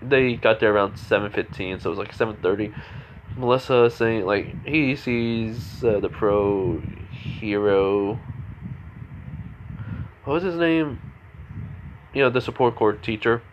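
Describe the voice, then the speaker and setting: A man's voice: lowish voice, unhurried, long pauses, lo-fi sound, a little hiss or hum. A man casually retelling a fan story, rambling with many fillers and restarts.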